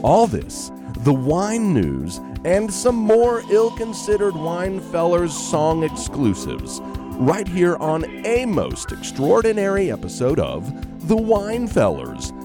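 A man co-hosting a comedic wine radio show, teasing and deadpan. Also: high voice, takes it slowly, over music. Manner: jokey, teasing, deadpan asides.

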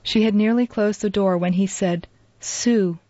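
A woman's voice: medium pitch, steady tone, normal speed, dark tone, no room sound. Woman narrating a classic novel. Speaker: audiobook narrator. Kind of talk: scripted narration. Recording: dull lo-fi dry recording.

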